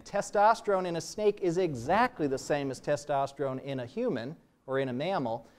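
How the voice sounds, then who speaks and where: Older male professor, lecture hall Q&A; high, smooth voice, relaxed with joking asides. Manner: relaxed, self-deprecating asides, restarts sentences. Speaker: biology professor giving a lecture. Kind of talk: public lecture and Q&A.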